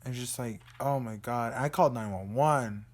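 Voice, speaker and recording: Agitated young man venting in his room. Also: normal speed. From Dallas, Texas. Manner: agitated, profane venting that trails into a low murmur. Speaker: vlogger. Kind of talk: emotional video diary rant.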